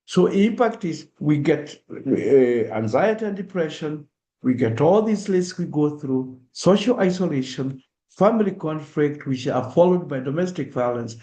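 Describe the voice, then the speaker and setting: A man's voice: fairly high pitch, lively intonation, unhurried, dark tone, reverberant. A man from Kenya with a Kenyan accent, giving an earnest public talk and urging his listeners emphatically. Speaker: speaker.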